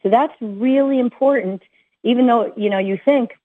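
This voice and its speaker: A woman's voice: a little high, moderate pace. A woman dog trainer giving casual advice, chatty and full of fillers and restarts. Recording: tinny phone-like sound.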